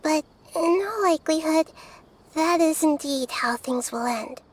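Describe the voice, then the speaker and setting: A woman voicing a calm, wise, young-looking goddess in a video game, with a soft, light, girlish voice and a gentle, thoughtful manner. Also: sits high, measured pace, slight background noise.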